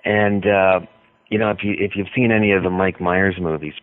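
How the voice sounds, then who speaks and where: A man being interviewed as an author, talking in a rambling, hesitant way with many pauses. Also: deep voice, level tone, dry recording. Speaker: author guest. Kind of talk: radio interview by phone. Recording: tinny phone line.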